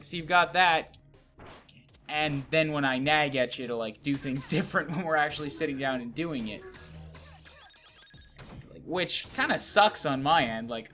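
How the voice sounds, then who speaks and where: A man's voice: on the high side, pushed and bright. A young man hosting a let's play, chatting casually and rambling with lots of "like" and "uh". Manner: rambling, heavy use of "like" and "uh". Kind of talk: casual gaming commentary. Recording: game music behind.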